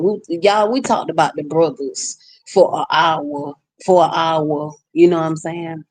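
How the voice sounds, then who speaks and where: Blunt, outspoken woman vlogger, low voice. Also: steady tone, a little slow, a little mellow, dry recording. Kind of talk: casual ranting monologue to viewers.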